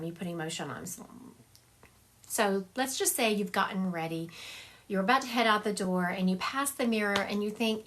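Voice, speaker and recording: A woman's voice: medium pitch, fairly bright tone. A woman psychic medium doing a livestream reading over a phone, chatty, laughing often and acting out what spirits say.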